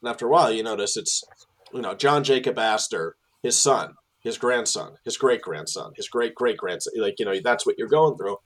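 A man, working as a tour guide, telling animated stories in casual chat with many fillers and restarts. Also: a little fast, rough recording. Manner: animated storyteller, many fillers and restarts, drops low for asides.

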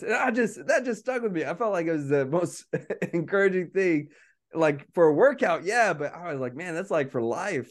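A man's voice: high-pitched, moderate pace. A man in casual podcast conversation who rambles, laughs often and says "like" a lot. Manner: rambling, laughing, heavy use of "like".

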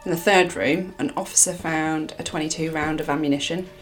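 A woman from England telling a true crime case in a casual chat, with dramatic pauses. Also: sits low, fairly even intonation, soft background music.

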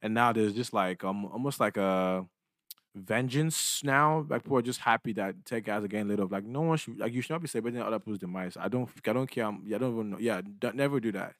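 A young man chats loosely as the host of his own podcast. He rambles in slang and keeps checking in with his listeners. His voice is somewhat low, and it is recorded dry with no room echo. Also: fast talker, a bit bright. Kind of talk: casual solo podcast monologue.

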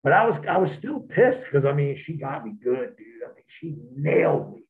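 A man, a wrestler, telling profane, animated stories as an interview guest over a phone line. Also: fairly high pitch, normal speed. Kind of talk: storytelling in an interview.

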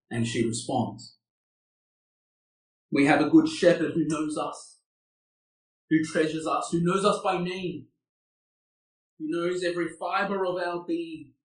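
A man preaching a sermon, earnest and asking his listeners rhetorical questions. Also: fairly high pitch. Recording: echoey room, far from the mic.

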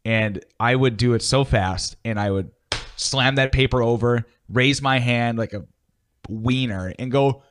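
A man's voice: mid-range voice, measured pace, a bit bright. A man co-hosting a casual podcast, telling a story in a wry, self-mocking way. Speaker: podcast co-host.

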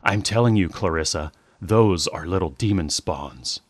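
A man voicing a hunched, spiteful old witch woman who grumbles and snaps in a hoarse voice. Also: sits low, a little slow, no echo, studio quality. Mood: crabby. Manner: grumbling, snappish.

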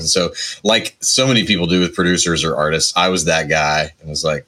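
A man in his forties, a musician guest, telling his story in a relaxed, rambling way with many hedges. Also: sits low, fairly quick. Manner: rambling, lots of hedges and restarts. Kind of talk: casual interview storytelling.

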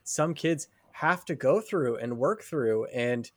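Earnest man with an animated voice. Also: mid-range voice, slow, no echo. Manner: earnest, stumbles at starts. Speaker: podcast co-host. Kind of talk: casual chat.

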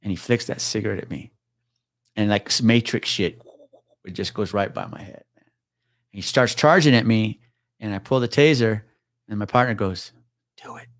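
Low-voiced man telling a cop story. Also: moderate pace, long pauses, dry recording, studio quality. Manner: swears freely, laughs through his story. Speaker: retired police officer, podcast guest. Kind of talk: casual storytelling.

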